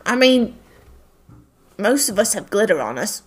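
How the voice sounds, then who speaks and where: Woman GM narrating a tabletop game, slow and laid-back, pitch rising and falling a lot. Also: sing-song, a little hiss or hum. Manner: laughing, casual, many fillers. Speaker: game master.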